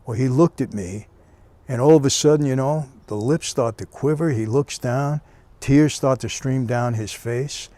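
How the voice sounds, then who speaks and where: A man recounts a personal story in a relaxed, conversational manner, sprinkling in "you know" as he goes. His voice sits in an ordinary middle pitch. The recording is dry and close, with no room sound. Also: a little slow, dry recording. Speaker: storyteller recounting prison years. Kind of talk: casual spoken storytelling.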